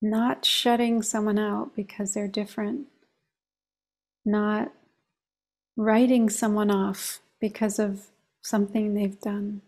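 A woman meditation teacher speaking in a calm, measured way, telling a story during a reflective discussion on meditation. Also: mid-range voice.

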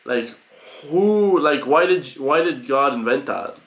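A man giving an excitable, profane reaction commentary, full of loud exclamations. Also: mid-range voice, slow pace, very noisy. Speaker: reaction video host. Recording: roomy home recording with faint music.

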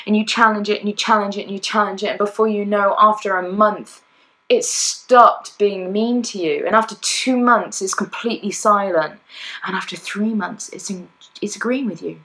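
A woman's voice: medium pitch, steady tone, moderate pace, fairly bright tone, low-quality recording. A woman life coach talking bluntly in a podcast monologue, acting out inner voices as she goes.

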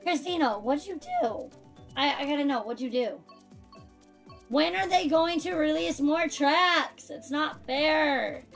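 A woman's voice: high-pitched, a little slow, vocal fry, fairly bright tone. A woman streaming a racing game, chatting with friends and viewers in a bubbly, chatty way and laughing often. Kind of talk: live-stream chat while racing. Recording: music playing behind.

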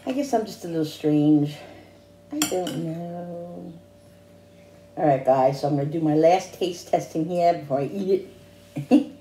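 A woman's voice: on the low side, measured pace, long pauses, warm tone, a little hiss or hum. A woman chatting casually in a home cooking vlog, rambling with restarts and tasting hums. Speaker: cooking vlogger. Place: home kitchen. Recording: echoey kitchen with dish clatter.

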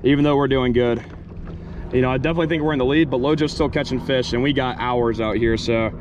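A young man hosting a fishing vlog outdoors, joking and excitable, shouting when a fish is on. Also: medium pitch, fast talker, background noise. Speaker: fishing video host. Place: outdoors on the water.

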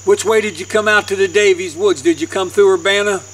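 A man's voice: high-pitched, fairly even intonation, a little fast, fairly bright tone. A man, a singer and guitarist, telling a rambling folksy joke outdoors in the woods. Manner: rambling, repeats words as he goes. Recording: distant mic with guitar.

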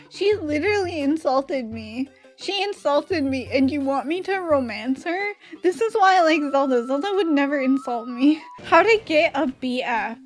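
High-voiced excitable woman streamer. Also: unhurried, faint music behind. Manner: excitable, laughs often, swears freely. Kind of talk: game let's play commentary.

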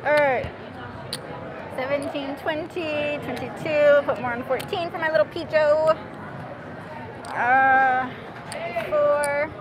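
A woman's voice: high-pitched, slow, pauses often, crowd noise. A woman vlogging live from a casino table, calling her bets and laughing and cheering often. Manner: giggly, excitable, cheering. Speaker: gambling vlogger. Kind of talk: live table-game commentary. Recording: noisy casino floor.

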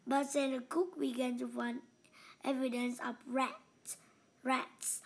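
A woman reading a children's story aloud in a slow, expressive storytelling manner. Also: high voice. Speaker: narrator.

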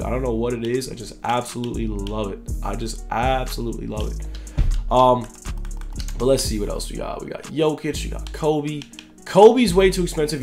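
A man's voice: medium pitch, darkish tone. A young man giving casual, slangy commentary over a video game, thinking aloud as he goes. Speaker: gaming YouTuber.

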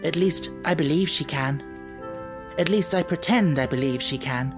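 A man reading an audiobook, voicing an imaginative, self-assured little girl who speaks in an earnest, gently coaxing way. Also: sits high, expressive, measured pace, music in the background, pitched above the performer's own voice.

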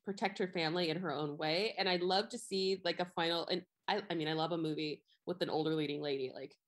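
A woman's voice: on the low side, steady tone, fast talker. A young adult woman co-hosting a podcast, talking casually about a film with lots of fillers and frequent laughter. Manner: chatty, many fillers, laughs often. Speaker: podcast co-host.

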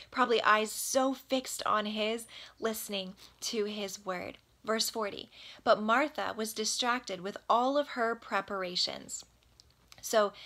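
A woman's voice: fairly high pitch, sharp tone. Earnest woman teaching the Bible. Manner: earnest, exhorting; repeats phrases for emphasis.

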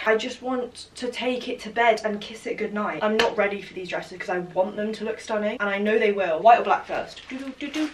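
A young woman in her twenties doing a bubbly, casual try-on haul, chatting constantly with lots of "like" and "literally". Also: medium pitch. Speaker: fashion vlogger. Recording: roomy, distant camera audio with light hiss.

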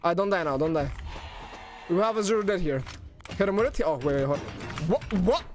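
A man commentating his own fighting-game stream, excitable and swearing, yelling at big plays. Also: high-pitched, fairly quick, faint music behind.

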